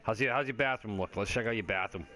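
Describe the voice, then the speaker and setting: A man's voice: fairly low pitch, quick pace, pushed and bright, soft background music. Rambling, laid-back man narrating gameplay. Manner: rambling, joking, swears freely; laid-back stoner chatter with frequent fillers. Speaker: gaming video creator. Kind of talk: casual gameplay commentary.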